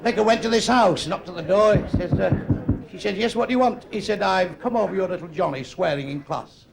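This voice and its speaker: An older man telling crude jokes on a comedy club stage in a blunt, deadpan way. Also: high-pitched, brisk, gravelly. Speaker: stand-up comedian. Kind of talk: stand-up joke telling. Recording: live club crowd laughing. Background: audience laughter.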